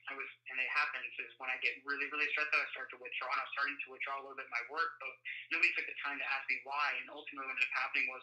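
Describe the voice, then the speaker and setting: A man, a guest speaker, telling a personal story in an interview, halting and full of fillers and restarts. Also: medium pitch, sharp tone, rough recording.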